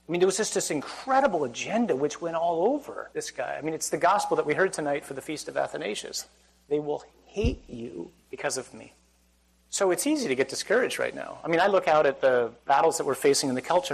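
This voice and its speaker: A man's voice: on the high side, animated, fairly quick, vocal fry, slightly rough, low-quality recording. A man giving a Catholic sermon to a live audience, conversational and joking, often putting questions to the crowd. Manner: conversational, asks the crowd questions, humorous asides. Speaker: Catholic priest. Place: church or hall with audience.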